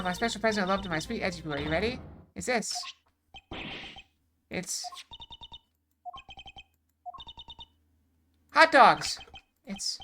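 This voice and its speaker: A woman's voice: medium pitch, lightly acted. A woman voicing a chatty, fawning elderly woman security guard in a video game playthrough, rambling and doting. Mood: gushing. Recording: music playing underneath.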